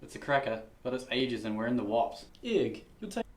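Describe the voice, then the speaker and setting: A man with a New Zealand accent rattles off local slang, laid-back and easy. His pitch sits in an ordinary middle range. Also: big pitch swings, brisk. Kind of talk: demonstrating slang.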